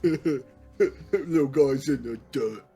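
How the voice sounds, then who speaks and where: A man narrating as game master of a tabletop game, relaxed and often laughing as he rules on rolls. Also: mid-range voice, very slow, breathy edge, faint music behind.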